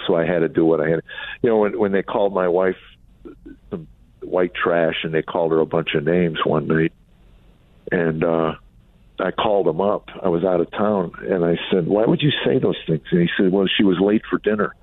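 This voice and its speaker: Deep gravelly man on a phone line. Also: steady tone, moderate pace, no echo. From Chicago, USA. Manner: reflective, wry, acts out family quotes. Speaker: comedian and author, guest. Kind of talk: candid storytelling in an interview. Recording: dry phone-line sound.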